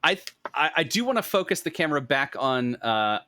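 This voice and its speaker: A man's voice: fairly high pitch, very animated, a little fast, bright, forceful tone, slight background noise. A man narrating as game master of a tabletop role-playing game, with small hesitations.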